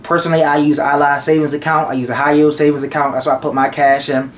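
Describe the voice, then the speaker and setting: A man's voice: on the high side, little pitch movement, fast talker, a little hiss or hum. A man in his twenties giving life advice to the camera in a casual, slangy way, repeating his points for emphasis. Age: 20s.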